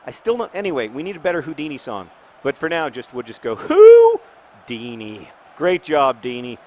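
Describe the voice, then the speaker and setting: A man in his thirties hosting a game video in casual commentary, rambling and jokey, with sudden shouted outbursts. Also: mid-range voice, lively intonation, fast talker. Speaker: game host.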